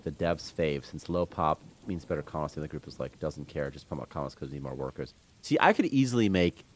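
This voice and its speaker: A man streaming game development, rambling casually with strong opinions and reading chat comments aloud. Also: sits low. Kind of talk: casual rant on a live stream.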